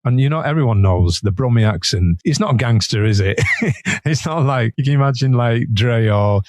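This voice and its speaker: A man's voice: mid-range voice, normal speed, no room sound, studio quality. A man, a guest guitarist, telling stories in a casual interview, laughing often and acting out the voices of others. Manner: animated storyteller, laughs often, acts out quoted voices.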